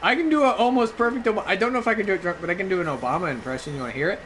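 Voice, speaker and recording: A man's voice: sits high, rapid-fire, a little hiss or hum. A drunk young man chatting loosely over a game stream, rambling and bursting into song. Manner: rambling, loud, bursts into singing. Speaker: gaming streamer. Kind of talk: casual gameplay chat.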